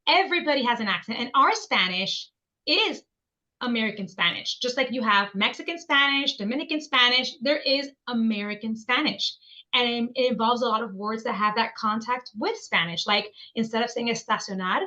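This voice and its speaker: Woman, high bright voice, emphatic educator, guest in a chat, muffled lo-fi sound. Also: normal speed. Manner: emphatic, repeats points for stress. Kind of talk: conversational podcast interview.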